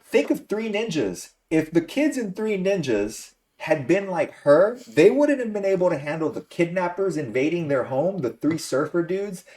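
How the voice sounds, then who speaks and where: Animated, ranting male podcast host. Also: a little high, moderate pace, few pauses. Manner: ranting, profane, exasperated. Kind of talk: casual movie review chat.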